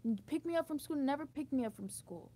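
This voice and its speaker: High-voiced young woman venting bluntly. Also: animated, fast, mellow, slight background noise. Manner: frustrated, blunt, swears freely, rambling restarts. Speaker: vlogger. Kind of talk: emotional venting monologue.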